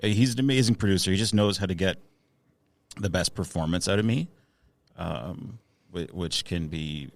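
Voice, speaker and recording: A man's voice: low-pitched, normal speed, creaky. A man in his thirties, a musician guest on a casual podcast, talking with hesitant fillers and restarts.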